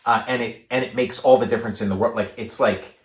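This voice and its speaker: A man's voice: medium pitch, quick pace. A man co-hosts a casual movie-chat podcast, talking in a loose, rambling way full of fillers and restarts. His voice sits in the middle of the range, and the room gives it a roomy echo. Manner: rambling, many likes and restarts, animated when paraphrasing. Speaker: podcast co-host.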